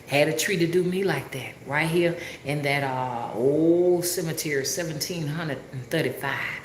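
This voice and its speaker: A woman with a thick Alabama drawl talks in a low, unhurried voice, wandering from point to point and checking that her listeners follow. She sounds like she's in an echoey room, with a faint hiss of noise under her voice. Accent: Alabama Southern drawl. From Alabama, US South. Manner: rambling, drawling, asks listeners if they understand. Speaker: spiritual rootworker livestreamer. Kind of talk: casual livestream talk.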